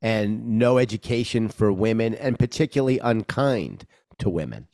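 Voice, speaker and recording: A man hosting an interview, asking questions with halting restarts. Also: lowish voice, expressive, darkish tone. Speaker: interviewer, host. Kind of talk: interview conversation.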